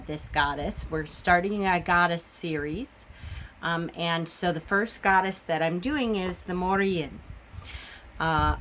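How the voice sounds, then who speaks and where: A woman's voice: fairly low pitch, fairly bright tone, a little hiss or hum. A woman hosting a witchcraft channel, talking casually to her viewers and wandering through her thoughts with many ums and restarts. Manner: rambling, full of ums and restarts. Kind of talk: casual vlog talk.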